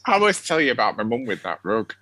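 A man's voice: medium pitch, sing-song, fast, noisy background. A man with a Sheffield accent co-hosting a podcast, chatting casually and giggling as he rambles. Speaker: podcast co-host. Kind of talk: casual chat.

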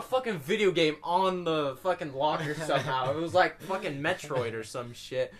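A man's voice: fairly high pitch, moderate pace, hardly any pauses, fairly bright tone. A young man on a podcast telling a rambling story, swearing constantly and laughing at himself. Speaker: podcast co-host. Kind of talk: casual storytelling.

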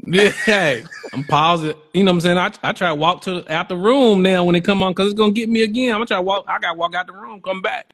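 A man's voice: sits high, fast, few pauses. A man co-hosting a casual podcast chat, telling stories with lots of acted-out quotes. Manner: animated storytelling, acts out quotes. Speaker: podcast co-host.

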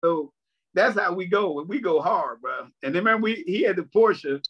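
A man's voice: high voice, lively intonation, normal speed, slightly rough. A male stand-up comedian in casual chat, reminiscing in a laid-back way. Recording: dull lo-fi sound.

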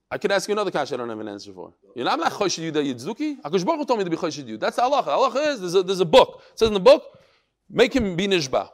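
Male Talmud teacher, high and very animated voice, acts out the quotes in his lesson. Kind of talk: Talmud class lecture.

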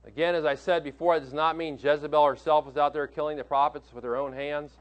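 A man's voice: fairly high pitch, steady tone, fast, highs cut off. A man preaching a sermon as pastor, emphatic, repeating key phrases and posing questions to his listeners, often correcting himself mid-sentence. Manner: frequent restarts and self-corrections.

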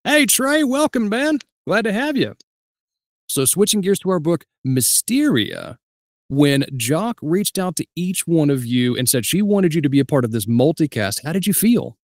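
A man's voice: on the high side, lively intonation, moderate pace, darkish tone, dry recording. Laid-back man voice actor, dry sound. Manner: laid-back, laughs easily, acts out quoted lines. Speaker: voice actor guest and co-host. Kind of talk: casual interview chat.

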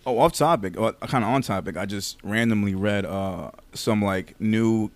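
A man's voice: fairly low pitch, moderate pace. A man co-hosting a podcast, chatting casually and joking with a lot of swearing and laughter while using a back massager. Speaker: podcast co-host. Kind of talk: casual chat.

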